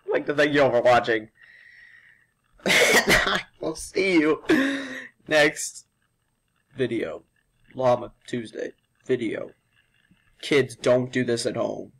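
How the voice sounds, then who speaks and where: A man's voice: medium pitch, slow, gravelly, pauses often. A young male vlogger doing a sugar challenge, worn out and dramatic, coughing and complaining between words. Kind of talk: casual vlog.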